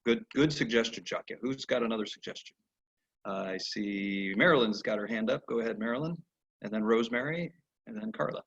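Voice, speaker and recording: A man teaching a horse training lesson over a video call, telling animated stories and acting out the horses' replies. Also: mid-range voice, fairly quick, vocal fry, breathy edge. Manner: animated storyteller who acts out horses' replies. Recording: dull lo-fi video call audio.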